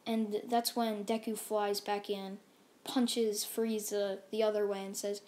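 A woman's voice: mid-range voice, little pitch movement, a little slow, darkish tone. A woman casually narrating a fan-made story, rambling and full of fillers.

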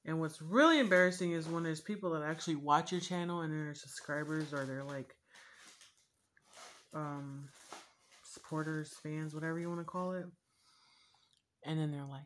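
A woman's voice: sits low, normal speed, pauses often, slight background noise. A woman YouTuber chatting casually while eating on camera, rambling and swearing freely with lots of fillers. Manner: rambling and profane, with frequent fillers.

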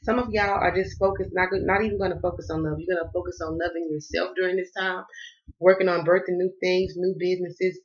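A man's voice: sits high, fairly even intonation, quick pace. A man with a Southern US accent giving a casual tarot reading, folksy and profane, calling viewers y'all and baby. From Southern United States. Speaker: tarot card reader. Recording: muffled lo-fi audio with faint hiss.

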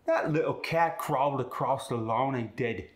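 A man's voice: mid-range voice, moderate pace, reverberant, close to an everyday voice. A man voicing a cheeky Cockney Londoner, demonstrating example lines with tag questions in a broad put-on accent.

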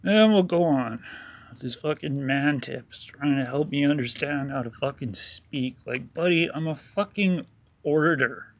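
A man's voice: fairly high pitch, a little slow. A man giving an angry, sarcastic voice-over commentary with heavy swearing, ranting about an online rival. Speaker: YouTuber narrating over a video.

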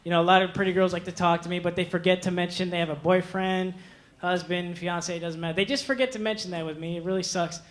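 A young man doing a stand-up comedy set on a club stage, animated, slipping into quick voices for the people he quotes, with audience laughter behind him. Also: high-pitched. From Mexican heritage. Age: young adult. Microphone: handheld stage mic.

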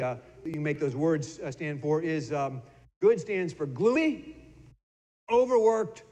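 A middle-aged man preaching a sermon in a casual, conversational way, stumbling over and repeating his words now and then. His voice sits a bit high for a man. A long church reverb trails behind every phrase. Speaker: pastor. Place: church sanctuary.

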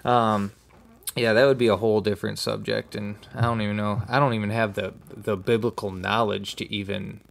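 A man's voice: fairly low pitch, little pitch movement, brisk, vocal fry. A young man hosting a casual podcast conversation, speaking earnestly and plainly about faith. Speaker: podcast host.

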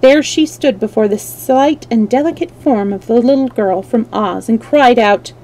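A woman reading a children's storybook aloud on a live stream, gently, with small slips she corrects. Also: fairly high pitch, normal speed, hardly any pauses, low-quality recording.

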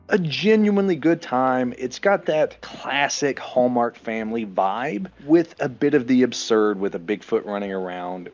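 A man co-hosting a casual movie-review podcast, an animated storyteller who swears freely. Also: medium pitch, dull audio. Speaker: podcast co-host. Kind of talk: casual movie-review chat over beer.

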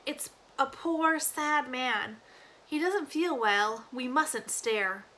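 A woman reading a novel aloud, voicing a kind young girl who speaks softly and slowly. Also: sits high, exaggerated voice, rough recording. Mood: soothing. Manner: soft, slow and soothing.

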